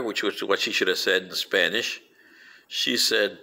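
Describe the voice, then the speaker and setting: An older man rambling through a personal anecdote, acting out quoted voices with lively storytelling. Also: fairly low pitch, a little slow, vocal fry. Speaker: vlogger playing an alien commentator.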